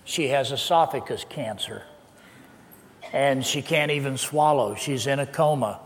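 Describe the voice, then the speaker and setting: An older man, a pastor, telling a personal story in a sermon with lively, laughing delivery. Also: medium pitch, unhurried. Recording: long hall reverb.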